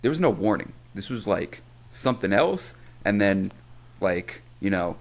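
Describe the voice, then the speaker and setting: A man's voice: fairly low pitch, big pitch swings, a little slow. A man co-hosting a podcast in casual chat, trading crude jokes. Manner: joking, crude banter. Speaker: podcast co-host.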